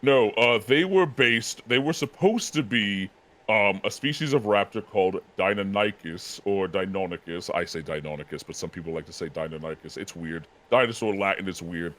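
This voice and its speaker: A man talking as a guest in casual chat, animated, laughing easily and often correcting himself. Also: lowish voice, normal speed.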